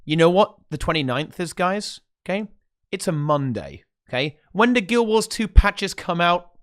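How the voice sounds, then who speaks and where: A man co-hosting a casual gaming chat show, excitable and peppering his talk with "okay?" and "dude". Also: high voice, normal speed. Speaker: podcast co-host.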